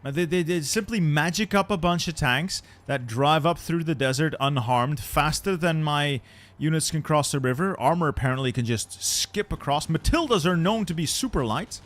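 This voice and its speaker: A man's voice: on the high side, moderate pace, a bit bright. A man commentating his strategy game play, exasperated and swearing as he rants about losing. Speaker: gaming channel host.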